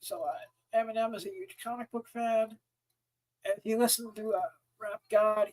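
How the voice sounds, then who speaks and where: A man's voice: high-pitched, poor audio. A man hosting his own podcast, ranting angrily and swearing often. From United States. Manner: angry, exasperated, swearing often. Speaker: podcast host. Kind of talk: profane ranting monologue.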